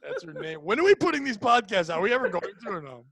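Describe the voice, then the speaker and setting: A man co-hosting a crude comedy podcast, an animated ranting storyteller who swears a lot. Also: sits high, fast. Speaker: podcast co-host.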